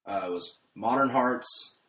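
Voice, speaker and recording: A man co-hosting a podcast in relaxed, rambling casual chat, peppered with "like" and "dude". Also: mid-range voice, a little slow. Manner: laid-back, rambling, frequent "like" and "dude". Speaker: podcast co-host. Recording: echoey room with faint noise.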